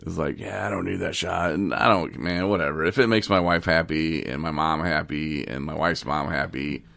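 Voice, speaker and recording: A low-voiced man with a gravelly edge tells stories in a loose, joking way, acting out the people he met. He teases and laughs freely, and the sound is dry and close, without room echo. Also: normal speed, fairly bright tone. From Michigan, USA. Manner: teasing, acts out little scenes, laughs often. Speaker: podcast co-host. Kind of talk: joking casual chat.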